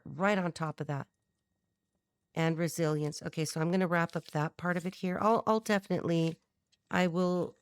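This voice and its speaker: A middle-aged woman with a low voice gives a tarot reading, talking bluntly and thinking aloud with lots of restarts. She is recorded close and dry, with little room sound. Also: smooth, dry recording. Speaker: tarot reader. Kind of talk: channeled tarot reading to camera.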